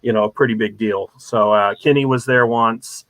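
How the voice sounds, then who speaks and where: A man as a guest on a show, telling rambling, animated stories full of ums and uhs. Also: on the low side, normal speed, dry recording. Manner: rambling, many fillers, animated storytelling. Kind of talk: casual chat, anecdotes.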